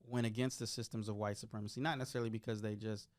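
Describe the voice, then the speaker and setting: Man explaining calmly on a podcast. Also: fairly low pitch, very fast. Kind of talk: casual podcast discussion.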